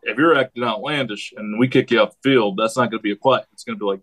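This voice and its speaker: A high school head football coach talking casually on a podcast, rambling and acting out what he yells at his players. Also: fast. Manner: rambling, animated storytelling with quoted yells.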